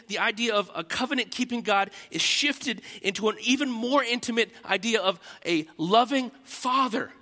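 A man preaching a sermon from the pulpit, his voice pitched high and edged with a bright, forceful tone. He pushes hard on key points, then pulls back to near-hushed, personal asides. A long hall reverb trails every phrase. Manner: swings between loud emphatic preaching and quiet intimate asides. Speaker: pastor.

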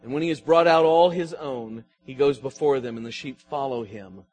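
A man's voice: mid-range voice, normal speed, a little mellow, faint music behind. A man preaching a sermon as pastor, his emphasis swelling and falling as he asks the congregation questions.

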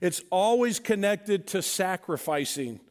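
A man's voice: high voice, animated, a little slow. A man from Missouri preaching a sermon to a congregation, telling stories with acted-out dialogue and emphatic points. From Missouri, USA. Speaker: pastor.

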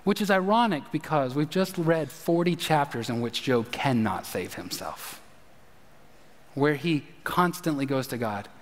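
Animated preacher in a reverberant hall. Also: male voice, on the high side, a little slow. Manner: animated, emphatic preaching with direct address. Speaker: pastor. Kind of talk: sermon.

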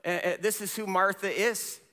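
A male pastor preaching a sermon with passion, swinging between loud emphasis and hushed, quiet moments. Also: sits high, steady tone, moderate pace. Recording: long church reverb.

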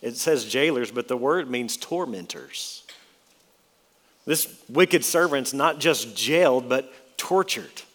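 Guy preaching a sermon, gets loud then drops low, echoey church hall. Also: lively intonation, slow pace. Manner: expository, emphatic, rising and falling dramatically.

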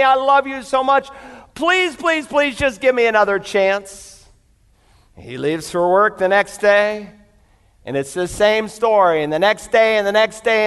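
A male pastor gives a storytelling sermon to a congregation, often addressing them directly. His voice sits high and rings clear and smooth. It carries the long reverb of a large church hall. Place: church before a live congregation.

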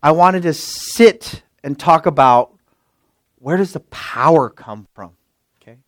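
A pastor preaching a sermon and leading a closing prayer, swinging from loud exclamations to hushed asides. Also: male voice, on the high side, lively intonation, slow, dry recording.

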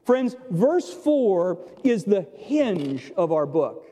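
High-voiced man preaching in an echoey hall. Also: sing-song, mellow. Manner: emphatic preaching with drawn-out pauses. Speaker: pastor. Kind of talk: sermon. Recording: echoey hall with long reverb.

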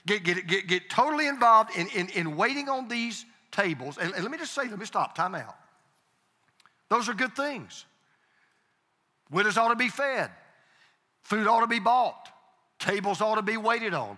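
Male pastor, bright, sharp-edged voice, emphatic sermon delivery, long hall reverb. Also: high voice, very animated, normal speed, long pauses. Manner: emphatic, repeats phrases, calls for congregation response. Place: church sanctuary.

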